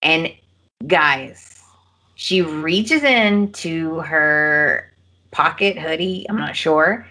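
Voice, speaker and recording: Podcast host, female, low slow voice, vivid retelling with acted-out quotes. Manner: animated storytelling, acting out quotes. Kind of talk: casual chat.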